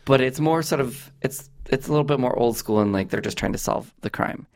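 Brief: male comedy podcast host, mid-pitched, rambling and chatty, dry close mic. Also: a little fast, vocal fry, no echo. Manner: chatty, rambling, animated with restarts. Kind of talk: casual comedic chat.

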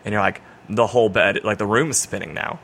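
A young man in his twenties, a podcast guest, telling a story in a casual, animated way and acting out the voices of the people in it. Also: on the low side, fairly quick, creaky, breathy edge. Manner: animated storyteller, acts out quoted voices loudly.

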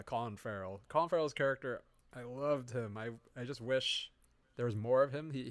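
Brief: male co-host, casual rambling film chat, medium pitch, dead-dry close sound. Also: no room sound. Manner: rambling, lots of "you know" and restarts. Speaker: podcast co-host. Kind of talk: casual movie review chat. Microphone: remote call microphone.

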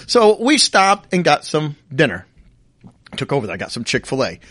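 A middle-aged man tells a story on a casual chat show, with a high voice that swings widely. He laughs often and sounds mock-outraged. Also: wildly swooping pitch, moderate pace, fairly bright tone. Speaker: podcast co-host.

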